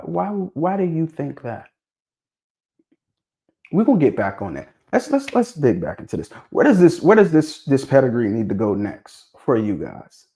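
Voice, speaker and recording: With a fairly high, gravelly voice, an animated livestream host chats casually about dog pedigrees. He pushes his viewers with questions and says things more than once.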